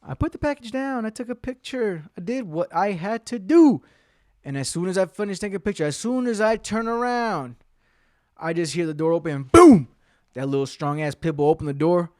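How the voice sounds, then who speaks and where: Guy rambling thru a story on his podcast, cusses nonstop, kinda high voice, super dry sound. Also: brisk, darkish tone, dry recording. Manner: rambling and heavily profane, acting out quotes. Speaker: podcast host. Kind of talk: casual storytelling monologue.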